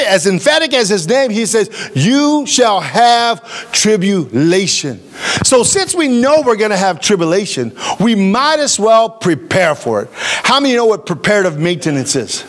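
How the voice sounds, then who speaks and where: A man's voice: high voice, very animated, normal speed, a bit bright. A male pastor giving a sermon, emphatic and talking straight to his congregation.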